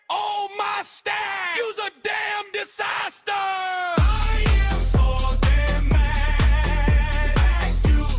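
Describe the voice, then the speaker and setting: A man playing a loud, cursing taxi passenger who scolds her old driver in a drawling, sassy rant over music. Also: very high-pitched. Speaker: performer in a music video. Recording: loud music mixed under the voice.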